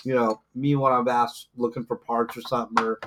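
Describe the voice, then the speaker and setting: A man's voice: medium pitch, little pitch movement, brisk, background noise. A man co-hosting a casual podcast chat in an easygoing, agreeable way. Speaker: podcast co-host.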